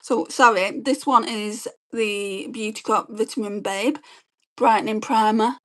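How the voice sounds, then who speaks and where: A woman, chatting quickly and rambling as she does her makeup and reads viewer comments on a beauty livestream. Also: medium pitch, fairly bright tone. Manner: fast-talking, chatty, rambling. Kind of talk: casual chat while doing makeup and reading live comments.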